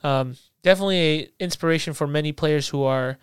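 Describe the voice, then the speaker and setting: A man hosting a casual sports chat, rambling, losing his thread and filling pauses. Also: a little high, clean tone, dry recording, clean studio sound. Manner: rambling, loses his thread, many fillers. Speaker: podcast host.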